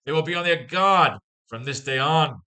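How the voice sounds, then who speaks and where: A man's voice: on the high side, moderate pace, pushed and bright, clean tone, pitched above the performer's own voice. A man reading aloud the lines of a male alien spy leader from a 1960s comic book. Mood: grave. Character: scheming male alien spies fleeing Earth.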